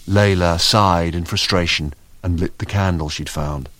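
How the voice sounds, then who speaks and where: A man narrating an audiobook in a wry, expressive storytelling manner. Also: sits low, a little slow, hardly any pauses, dry recording.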